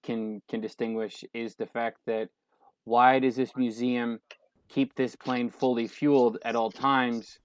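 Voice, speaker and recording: A young man co-hosting a podcast, ranting in casual chat with an exasperated, halting manner full of fillers and restarts. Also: medium pitch, flat delivery, clean tone, no echo. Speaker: podcast co-host. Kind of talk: casual movie-rant chat.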